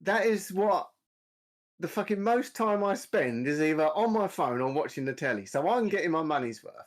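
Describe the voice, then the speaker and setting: A man's voice: on the high side, lively intonation, normal speed. A man, grumbling bluntly and swearing freely in casual podcast chat. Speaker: podcast co-host.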